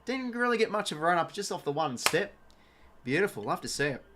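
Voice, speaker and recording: An excitable young Australian man giving live fan commentary on a football match, chatty with viewers and prone to shouting and swearing at big moments. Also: sits high, brisk, noisy background. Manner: chatty asides and thanks to viewers. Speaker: watch-along commentator.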